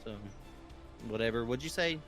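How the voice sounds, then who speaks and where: A man playing in a tabletop game, joking around and reacting quickly to the game master. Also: mid-range voice, over music. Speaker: player. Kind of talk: casual tabletop game chat.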